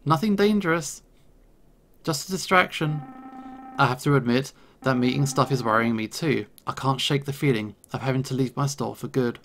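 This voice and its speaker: A man's voice: mid-range voice, normal speed, fairly bright tone, natural voice. A man voicing a friendly woman shopkeeper who brews potions in a video game, speaking in an easygoing, knowing way.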